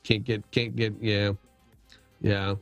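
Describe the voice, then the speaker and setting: A man's voice: lowish voice, level tone, takes it slowly, dry recording, soft background music. A middle-aged man hosting a casual livestream chat, rambling and poking fun at himself, with lots of restarts. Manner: rambling, self-deprecating, many restarts. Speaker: livestream host.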